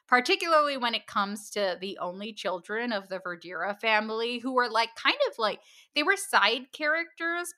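A woman's voice: mid-range voice, bright, forceful tone. A woman co-hosting a book podcast, recommending a novel in casual chat and joking about her own pronunciation. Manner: unhurried, self-deprecating about pronunciation. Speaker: podcast co-host.

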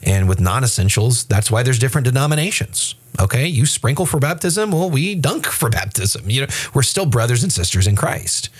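A man co-hosting a relaxed faith podcast talks fairly quickly at medium pitch, with a breathy edge and hardly any pauses. He's animated, acts out the voices he quotes, and restarts often amid frequent fillers.

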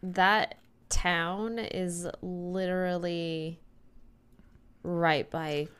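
A woman's voice: lowish voice, fairly even intonation, very slow, fairly bright tone, clean tone. A woman co-hosting a casual podcast, matter-of-fact in her replies. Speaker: podcast co-host. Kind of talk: casual chat.

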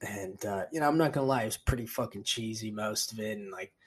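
A man's voice: on the low side, fast talker, slightly rough. A young man hosting a podcast alone, telling rambling, profane, laid-back stories in casual talk. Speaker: podcast host. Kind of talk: casual solo podcast monologue.

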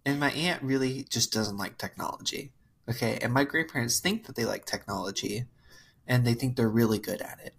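A woman with a very low, husky voice tells a story on a casual podcast. She is wry and amused and drifts into drawn-out asides, speaking in an easy, chatty way. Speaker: podcast co-host. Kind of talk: casual chat, telling a family story.

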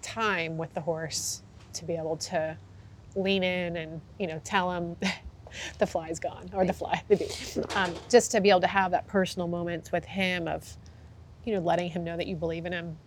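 A woman's voice: fairly low pitch, level tone, moderate pace, slight background noise. A woman horse trainer being interviewed, telling her story candidly and acting out what people said. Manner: candid storytelling, acts out quotes. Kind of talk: conversational interview.

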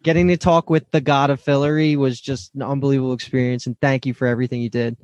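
A man's voice: mid-range voice, flat delivery, fast talker, a little mellow, no echo, highs cut off. A man hosting a podcast, thanking a guest and wrapping up in a playful way. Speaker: podcast host. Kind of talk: casual podcast chat.

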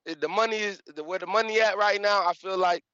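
Hesitant high-voiced male caller. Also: steady tone, muffled recording, crowd noise. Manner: hesitant, halting, lots of fillers. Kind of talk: casual boxing chat.

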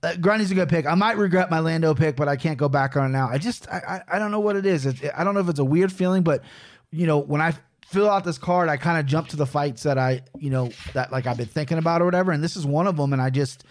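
A man's voice: a little high, fast talker. A young man hosting a podcast, chatting loosely about fight picks, rambling, swearing often and poking fun at himself. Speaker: podcast host.

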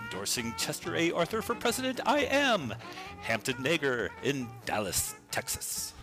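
A man's voice: a little high, huge pitch swings, moderate pace, over music, low-quality recording. A man voicing a pompous turn-of-the-century patent-medicine magnate in a florid, grandiose old-timey manner. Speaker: listener sending in a bit.

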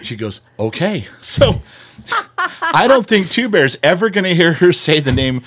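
Middle-aged man, casual co-host, animated swearing storyteller with a lively, swooping pitch. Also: a little slow. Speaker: podcast co-host. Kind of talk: casual chat.

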